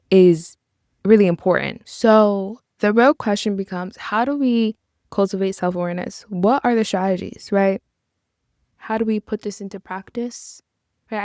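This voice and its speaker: A young woman delivers a reflective podcast monologue in an earnest, encouraging tone and slips in casual asides. Her voice has a strong vocal fry. The recording is dry and close, with no room echo. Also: lowish voice, darkish tone. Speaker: podcast host.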